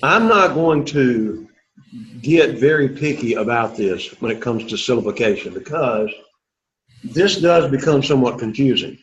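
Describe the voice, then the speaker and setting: A man's voice: mid-range voice, lively intonation, normal speed, dull audio. A middle-aged man teaching a Greek class, lecturing to students in an emphatic way and repeating his key points.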